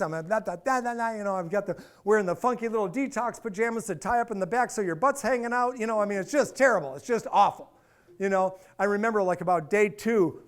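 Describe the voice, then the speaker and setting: A middle-aged man giving a personal storytelling talk, animated and acting out the dialogue. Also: high voice. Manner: animated, acts out dialogue, repeats phrases for effect. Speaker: speaker and author.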